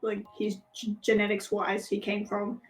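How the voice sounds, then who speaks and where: A woman with an Australian accent, a guest on a live stream, chatting in a relaxed, rambling way with lots of fillers. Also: mid-range voice, normal speed, crowd noise, rough recording. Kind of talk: casual chat on a live stream.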